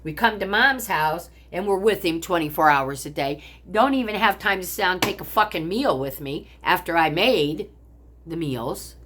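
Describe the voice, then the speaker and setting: An older woman rants into her phone at home, bitter and swearing freely. Her voice sits fairly low, with an edge of fed-up anger running through every complaint. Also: expressive, moderate pace, a bit bright, a little hiss or hum. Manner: profane, bitter, ranting. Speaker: vlogger. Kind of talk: angry personal vent to camera. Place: at home, looking out on a pond.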